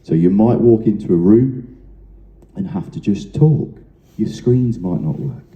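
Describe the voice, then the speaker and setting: A man's voice: lowish voice, lively intonation, unhurried. A man giving an informal training talk to a live audience, chatty and anecdotal, speaking straight to the room. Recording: roomy, dull lo-fi sound.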